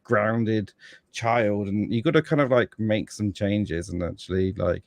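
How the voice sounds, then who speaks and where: A man's voice: lowish voice, measured pace, vocal fry, no echo, clean studio sound. A man chatting casually as a podcast guest about fatherhood, rambling with many restarts and fillers.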